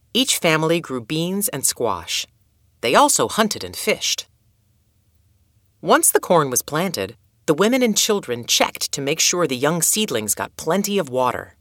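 A woman with a low voice reads a children's story in a calm, measured way. Her tone still rises and falls with the tale, and the sound is close and dry. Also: no room sound. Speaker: narrator. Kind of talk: storybook reading.

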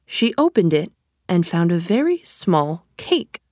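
Slow, lively storybook woman. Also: fairly low pitch, dry recording, clean studio sound. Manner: gentle, deliberate read-aloud delivery.

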